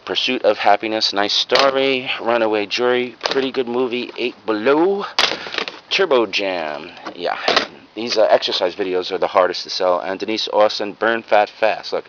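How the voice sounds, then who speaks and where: A man's voice: lowish voice, animated, moderate pace. Man rambling through a lo-fi haul video. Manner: rambling, frank, full of ums and uhs. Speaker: reseller vlogger. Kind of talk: casual show-and-tell haul video. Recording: lo-fi home video with clear background noise.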